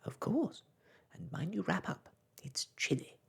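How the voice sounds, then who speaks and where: A man putting on a tiny, sparkling shooting star that snaps out orders in a high, hushed whisper. It is brisk and impatient, a storybook creature in a whispered role-play, with a husky breathiness and a lively lilt. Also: heavily acted.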